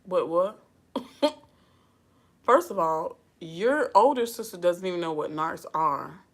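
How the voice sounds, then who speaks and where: A woman's voice: lowish voice, expressive, slow pace. A woman giving casual advice in a vlog, sassy and chatty, often breaking into laughter. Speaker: advice vlogger. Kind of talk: casual chat.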